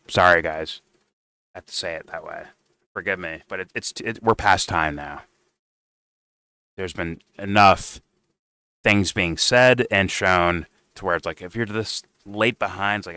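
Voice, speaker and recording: A man giving reaction commentary over a paused debate clip. He talks in a sarcastic, mocking way and swears freely. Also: on the low side, pushed and bright, no room sound. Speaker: commentary streamer.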